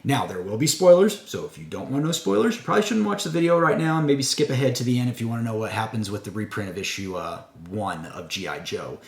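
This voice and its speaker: A man's voice: medium pitch, animated, fast, vocal fry, few pauses. Casual male comic reviewer, rambling and chatty, mid-range voice, echoey room. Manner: chatty, rambling with fillers and self-corrections.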